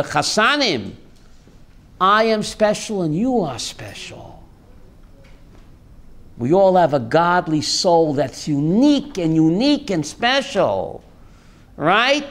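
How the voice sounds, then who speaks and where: A man, a rabbi, giving a lively Torah class, calling on listeners by name and slipping in Yiddish and Hebrew words. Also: high voice. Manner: lively, addresses listeners by name, jokey asides; mixes Yiddish and Hebrew terms. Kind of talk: animated Torah class to a live group.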